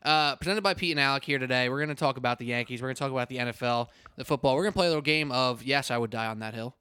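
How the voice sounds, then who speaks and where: A man's voice: medium pitch, racing, pushed and bright, smooth, no echo. A man hosting a casual sports podcast, joking and rambling with frequent restarts. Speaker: podcast host. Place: indoors at a table with a co-host.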